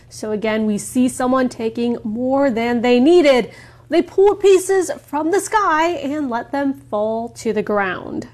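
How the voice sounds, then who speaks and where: A woman teacher slowly explaining words in a story for English learners. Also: high voice, expressive, darkish tone. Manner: slow, clear explanations.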